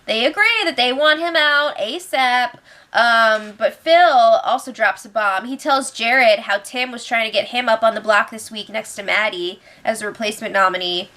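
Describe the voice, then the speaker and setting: A woman's voice: fairly high pitch, moderate pace, pushed and bright. A young woman hosting a casual recap show, chatty and sarcastic, laughing often and acting out what people said.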